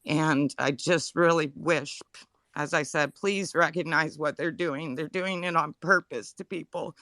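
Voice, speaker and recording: A woman speaking emotionally in a live audio chat room, halting and apologetic, close to tears. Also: sits low, steady tone, fairly bright tone, no room sound. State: upset, near tears. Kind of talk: emotional personal testimony.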